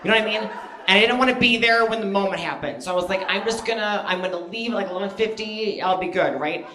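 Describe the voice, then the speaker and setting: A man's voice: high voice, fast, noisy background. Chatty man doing stand-up in an echoey room. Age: 30s. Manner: chatty, self-deprecating, lots of fillers and asides. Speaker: stand-up comedian. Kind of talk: stand-up comedy set. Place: stage in front of a live audience.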